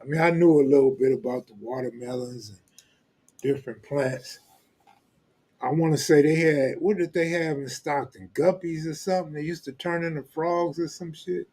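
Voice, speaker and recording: A man's voice: medium pitch, a little mellow, breathy edge. A man from California, hosting a live stream, chatting casually in loose street slang and joking with viewers. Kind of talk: casual chat reading live comments.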